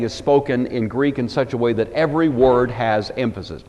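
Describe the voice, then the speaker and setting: A man's voice: medium pitch, normal speed, hardly any pauses, a little mellow. Older man teaching the Bible in a hall. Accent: Pacific Northwest American English. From Pacific Northwest. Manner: earnest and emphatic, with wry asides. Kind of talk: Bible lecture.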